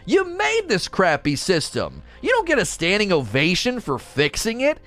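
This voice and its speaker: A young man rants on his livestream with fired-up indignation, his voice swinging up and down. It sits a bit high for a man, and soft music plays faintly underneath. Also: moderate pace, hardly any pauses. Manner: animated, indignant ranting with mocking quoted voices. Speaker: streamer. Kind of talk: casual livestream rant.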